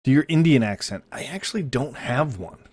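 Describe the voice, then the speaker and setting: A man's voice: medium pitch, expressive, a little fast, a little mellow, breathy edge, no echo. A man chatting casually on a live stream while gaming, rambling and joking as he slips in and out of put-on accents.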